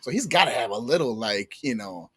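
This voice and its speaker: A man's voice: mid-range voice, expressive, fairly quick, bright, forceful tone, husky. A man co-hosting a casual movie review chat, easygoing and stammering now and then. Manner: easygoing, laughs along, stammers. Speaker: podcast co-host.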